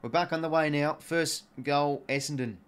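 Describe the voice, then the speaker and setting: A man's voice: on the high side, normal speed, clear, resonant tone. An Australian man hosting a live football watch-along, commentating casually and chatting with viewers. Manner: chatty, reads chat aloud, excited on goals. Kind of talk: casual play-by-play commentary and chat.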